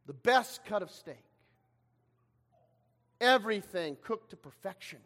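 Male preacher, very high pitch, dramatic sermon delivery, long hall reverb. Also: animated, measured pace. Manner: dramatic, acts out quoted voices with shifting loudness.

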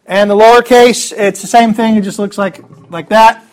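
A man's voice: high voice, fairly even intonation, normal speed. A man teaching a Bible class in a casual, joking way, chuckling often and restarting his sentences.

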